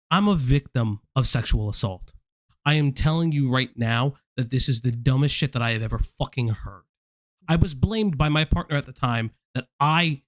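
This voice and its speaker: A man's voice: medium pitch, dry recording. A man ranting on a stream, blunt and profane, lecturing someone he is angry at. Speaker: commentary streamer. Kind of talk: heated commentary rant.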